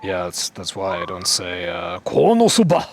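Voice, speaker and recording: Low-voiced man rambling on a podcast. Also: completely flat delivery, normal speed, background noise. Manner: rambling, jokey, with filler restarts. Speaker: podcast co-host. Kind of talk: casual gaming podcast chat.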